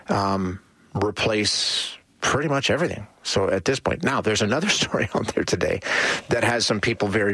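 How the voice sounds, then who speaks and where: A man hosting talk radio in a loose, chatty way, often restarting his sentences. His voice sits at a middle pitch. The studio sound is dry and close. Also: fairly bright tone, slightly rough, no room sound. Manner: chatty, with frequent restarts and fillers. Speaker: radio talk show host.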